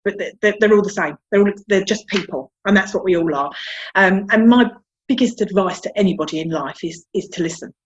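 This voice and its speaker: A talkative woman with a broad South London accent, speaking candidly in an interview. Her voice sits at a middling pitch, and she repeats herself for emphasis. The recording sounds a little dull and muffled. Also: fairly quick, a little hiss or hum. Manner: chatty, frank, self-deprecating, repeats words. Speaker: guest.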